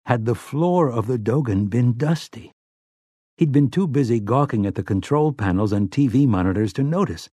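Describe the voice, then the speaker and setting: A man narrating a novel aloud in a steady, brisk storytelling manner. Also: medium pitch, breathy edge, dry recording, studio quality. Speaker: audiobook narrator.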